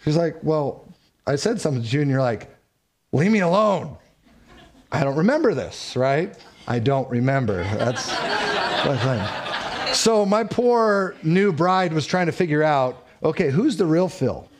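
A man's voice: fairly high pitch, sing-song, measured pace, background noise. A middle-aged man, a pastor, preaching a sermon in a conversational way with personal stories.

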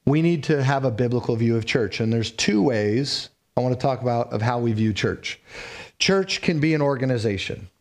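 A middle-aged man, a pastor, preaching a sermon in a conversational way with personal stories. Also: medium pitch.

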